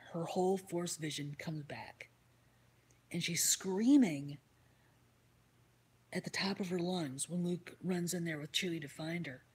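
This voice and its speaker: This livestream host, a woman with a lowish, slightly rough voice, casually recounts a story and replies to comments from chat. She swears freely and slips into whispers now and then.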